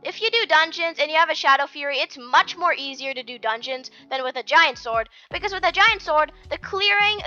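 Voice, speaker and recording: A woman talks through a game in a loose, rambling way, full of fillers and quick restarts. Her voice sits high and sounds bright. The mic is dull and lo-fi, with faint music playing behind her. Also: expressive. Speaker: gaming video creator. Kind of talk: casual gameplay commentary.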